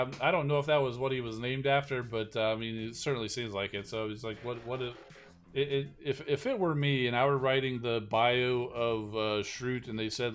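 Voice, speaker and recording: A man's voice: medium pitch, clean tone. A man streaming a mobile game live and chatting casually, rambling and self-deprecating with lots of fillers.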